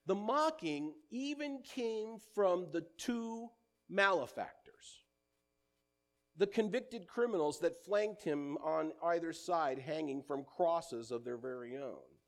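A man's voice: on the high side, animated, takes it slowly. Earnest male preacher delivering a sermon. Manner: earnest preaching, quoting scripture in older English, soft drops at line ends.

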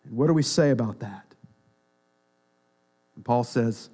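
A pastor preaching a sermon in a church, emphatic, swinging between loud declarations and quiet, dropped phrases. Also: male voice, a little slow, pauses often. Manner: emphatic, rises and drops sharply in pitch and volume.

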